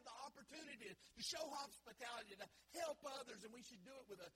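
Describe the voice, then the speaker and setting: A male pastor preaching a sermon, swinging from hushed, earnest lines to loud shouted ones and repeating phrases for emphasis. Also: very high voice, animated, fast talker, hardly any pauses, slight background noise. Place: church sanctuary.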